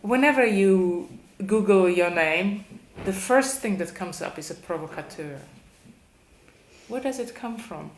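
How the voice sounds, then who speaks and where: A woman's voice: medium pitch, lively intonation, a little slow, slight background noise. Woman interviewer in a roomy space. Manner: thoughtful, long searching questions. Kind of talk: conversational interview.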